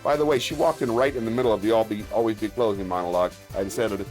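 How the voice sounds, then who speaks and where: A man's voice: on the low side, racing, faint music behind. A man hosting a casual live-stream chat, talking in a playful, chatty way. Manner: chatty, playful, lively delivery. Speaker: comedian host of a live stream.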